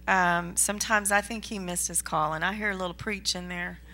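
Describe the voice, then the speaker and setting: Woman pastor, low creaky voice, bright edge, casual halting delivery. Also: fairly even intonation. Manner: casual, hesitant, full of fillers. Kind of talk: church announcements.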